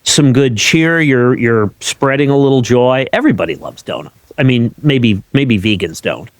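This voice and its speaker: A man of ordinary pitch hosts a podcast in a casual, upbeat chat. He often repeats his words as he thinks aloud. His voice is close-miked and dry, with no room sound. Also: animated, moderate pace, dry recording. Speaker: podcast host.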